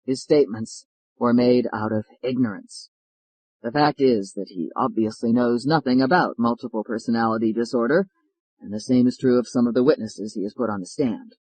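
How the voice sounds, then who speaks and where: A hoarse, feverish defense lawyer, voiced by a male audiobook narrator, low and strained yet pressing on. The voice sounds dry and close, with no room around it, and it pitches a little lower than the narration. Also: moderate pace, darkish tone, dry recording, lightly acted, rough recording. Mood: earnest.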